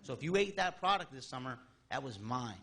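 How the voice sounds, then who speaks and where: A man's voice: mid-range voice, very animated, brisk, a bit bright. A man in his thirties speaking at public comment during a town board meeting, rambling and exasperated, with many restarts. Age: 30s.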